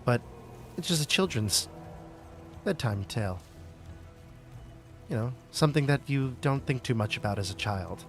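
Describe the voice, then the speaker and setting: A man's voice: mid-range voice, lively intonation, moderate pace, long pauses, a bit bright, faint music behind. A man voicing a young woman fortune teller who recalls an old tale in a rambling, uncertain way. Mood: thoughtful.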